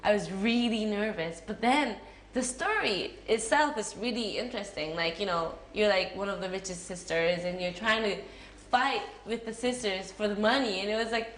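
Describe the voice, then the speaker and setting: Casual and chatty, a young Japanese-accented actress fields interview questions in a mid-range, slightly bright voice, giggling and using lots of fillers. The setting is an echoey room with faint noise.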